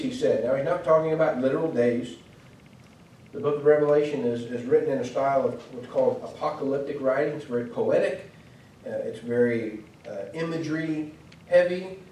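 A man's voice: on the high side, dark tone. A man preaching a sermon in a church, earnest and explanatory, with fillers and restarts. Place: church hall. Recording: echoey church hall, mic from far off.

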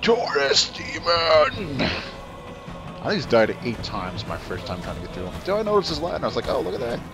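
A man's voice: on the low side, big pitch swings, fast talker. A man commenting on his own gameplay, rambling between asides and trash-talking the enemies he fights. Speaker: let's play gamer. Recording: game music underneath. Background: game music.

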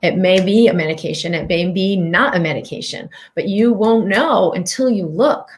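A woman's voice: fairly low pitch, moderate pace. A woman hosting a motivational health talk, earnest and coaching, guiding the listener through breathing questions. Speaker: host, physician and healing coach.

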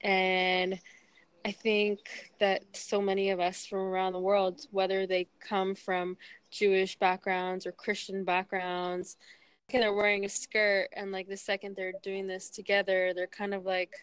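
A woman hosting a podcast interview, enthusiastic and quick to praise her guest in a casual conversational way. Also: mid-range voice, monotone, clear, resonant tone, no room sound, poor audio. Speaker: podcast host.

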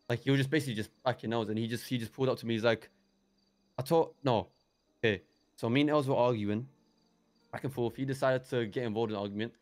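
This young man's mid-range voice is a little mellow. Recounting events as his roleplay character, he wanders through the story with hesitations, restarts, and lots of fillers.

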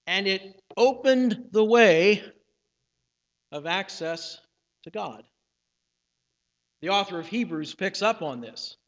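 A man preaching a sermon as pastor, measured, slowing down for emphatic phrases, with some restarts and fillers. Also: sits high, pushed and bright. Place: church sanctuary. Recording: church hall with long reverb.

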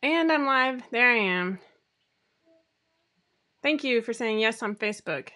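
A woman's voice: on the high side, expressive, a little slow, pushed and bright. A woman in her thirties hosting a casual livestream from home on a webcam, chatty and rambling with lots of fillers and self-deprecating asides. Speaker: sewing pattern designer hosting a weekly live show. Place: home room.

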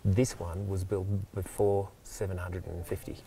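A man's voice: low voice, moderate pace. A man hosting a travel video, casually explaining things as he sits outdoors on some steps. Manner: relaxed, chatty, explains as he goes. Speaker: travel host. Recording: distant mic, noisy outdoor ambience.

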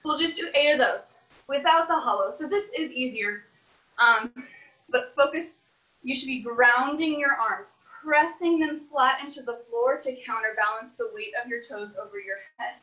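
A woman's voice: high voice, normal speed, bright, forceful tone. Upbeat woman counting out a dance class. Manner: counts out beats, upbeat coaching. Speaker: dance teacher. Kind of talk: online dance class instruction. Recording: echoey room, dull lo-fi sound.

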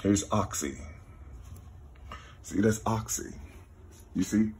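Slow husky man musing on numbers. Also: a little mellow. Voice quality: very husky, slow, low-key. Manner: keeps saying "you see", counts numbers half-aloud. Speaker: self-taught numerology teacher. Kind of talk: rambling spiritual monologue.

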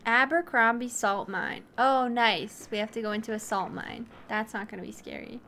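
High-voiced young woman gaming streamer. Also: moderate pace, slight background noise. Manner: expressive, swearing, laughing reactions. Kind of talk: gaming commentary.

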